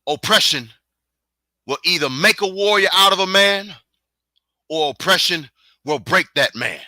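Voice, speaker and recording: High, sharp-voiced man ranting heatedly. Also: lively intonation, a little slow, no echo. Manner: heated, profane, taunting with repeated challenges. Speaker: podcast host. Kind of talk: angry solo podcast rant.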